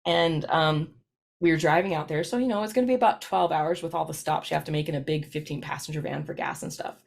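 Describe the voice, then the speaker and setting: A woman's voice: deep voice, fast, vocal fry. A woman presenting a lesson to practitioners in a chatty, storytelling way, often checking in with "right?". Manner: chatty, storytelling, frequent "right?" tag questions. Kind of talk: recorded professional presentation.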